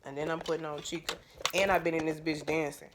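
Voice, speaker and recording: A woman's voice: low voice, flat delivery, fast, background noise. A woman talking to her phone camera at home in a casual vlog, blunt, profane and emphatic, laughing often. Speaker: vlogger.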